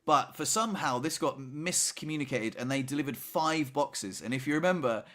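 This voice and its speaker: A man's voice: medium pitch, moderate pace, sharp tone. Man, podcast co-host, chatty and rambling, keeps checking in with the listener. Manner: rambling, tags lines with "right?". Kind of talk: casual chat.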